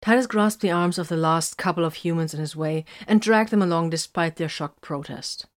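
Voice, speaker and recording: A woman narrates a story in a measured, even audiobook read. Her voice sits fairly low for a woman, and the delivery stays controlled and steady.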